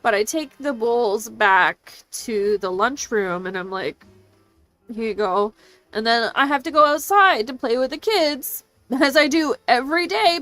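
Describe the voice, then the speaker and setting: A woman's voice: high voice, fairly bright tone, no room sound. Fed-up woman venting in casual chat. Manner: venting, swearing, quoting people in voices. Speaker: assistant language teacher.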